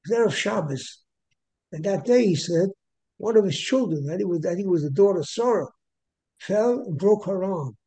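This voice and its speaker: A man teaching a Torah class who often repeats his words and clears his throat between phrases. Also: sits high, dark tone, low-quality recording.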